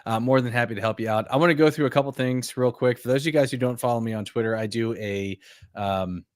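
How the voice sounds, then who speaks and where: A man's voice: medium pitch, fast, no echo, clean studio sound. A man co-hosting a live fantasy baseball stream, upbeat and reading viewer comments aloud. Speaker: podcast co-host.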